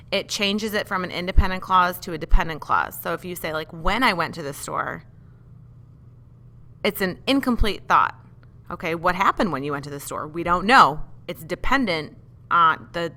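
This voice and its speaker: A woman's voice: lowish voice, sharp tone. A woman teaching a grammar lesson, patiently explaining step by step and asking the class questions. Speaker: English teacher.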